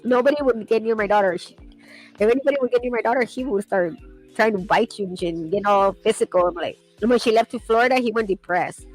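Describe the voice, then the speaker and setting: A woman's voice: mid-range voice, fast, soft background music, low-quality recording. Rambling, laughing woman telling stories. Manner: rambling, laughing storyteller who swears casually. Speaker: streamer chatting while sketching. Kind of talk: casual chat.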